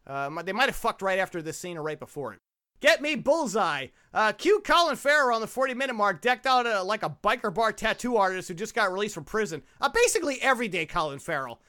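A man hosting a comedy movie podcast, tearing into a film with sarcastic, profane jokes. His voice is bright and forceful. He talks fast with a lively, swooping pitch. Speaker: podcast co-host. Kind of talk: casual comedic movie commentary.

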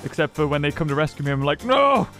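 A British man chatting casually while playing a game with a friend, excitable and playful, laughing often. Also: fairly high pitch, rapid-fire, faint music behind. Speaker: gaming YouTuber. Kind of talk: casual let's-play chat.

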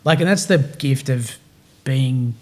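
Australian man in his thirties, podcast guest, lively storyteller who plays out the dialogue, mid-pitched voice. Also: slow. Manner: animated, slangy, acts out quoted dialogue. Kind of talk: casual storytelling.

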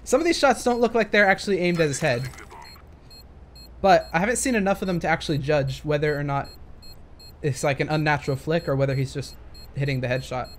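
A man's voice: on the high side, a little fast, slight background noise. A young man casually commenting on gameplay footage, thinking aloud and hesitating with many fillers. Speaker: gaming commentator.

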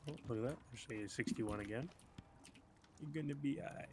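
A man's voice: mid-range voice, moderate pace. A man casually chatting and joking in slang while playing a co-op game with a friend. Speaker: gaming channel host. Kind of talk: casual co-op gaming chat. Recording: noisy game audio behind voice.

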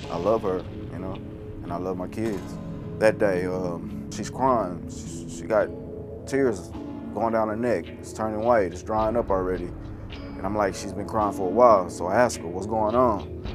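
A man telling his side in a confessional interview, emotional and pleading. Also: deep voice. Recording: music bed underneath.

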